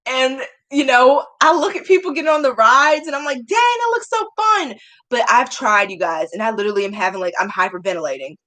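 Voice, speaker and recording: A woman's voice: fairly high pitch, fast, hardly any pauses, pushed and bright. A young woman chatting casually to her viewers, self-mocking and often laughing. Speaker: vlogger.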